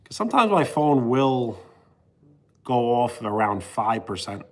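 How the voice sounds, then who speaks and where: A laid-back man hosts a casual livestream and chats with viewers. His pitch is middling but swings lively up and down. He talks easily, often with a chuckle. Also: measured pace. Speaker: livestream host reading chat. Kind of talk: casual chat.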